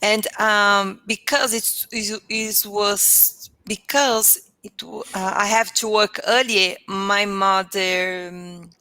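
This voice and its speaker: Slow, bright-voiced woman searching for words. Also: medium pitch, fairly even intonation, clean tone. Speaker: language student. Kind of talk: conversation practice.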